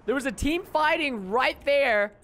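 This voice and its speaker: A man's voice: very high-pitched, expressive, measured pace, a bit bright, a little hiss or hum. A young man giving chatty, mock-grumbling commentary while playing a video game. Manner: chatty, mock-grumbling, joking asides to viewers. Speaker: gaming YouTuber. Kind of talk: casual gameplay commentary.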